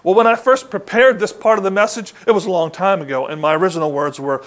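High-voiced conversational male preacher. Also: a little fast, hardly any pauses. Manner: conversational, asks the congregation questions, lively rises in pitch. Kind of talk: sermon.

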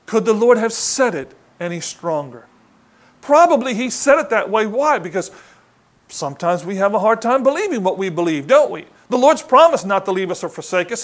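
A man preaching a sermon in a chatty, conversational way, often asking the congregation questions. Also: normal speed. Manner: conversational, asks the congregation questions, lively rises in pitch.

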